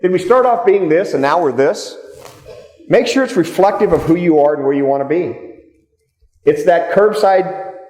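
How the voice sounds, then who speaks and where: In an echoey hall where he sometimes moves off-mic, a man presents a seminar to a live audience in a meeting room. His high, expressive, slightly mellow voice keeps a normal pace but pauses often. He speaks directly, tells stories, and repeats key points to drive them home.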